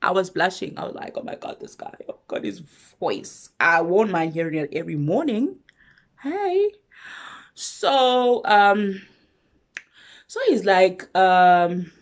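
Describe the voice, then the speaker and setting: A young South African woman vlogger telling a personal story in a casual, animated way, acting out both sides of a conversation. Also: lowish voice.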